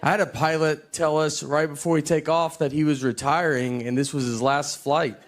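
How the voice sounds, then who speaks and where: A man performing a stand-up comedy set, telling stories in a laid-back deadpan way before a live audience. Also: a little high, normal speed, noisy background.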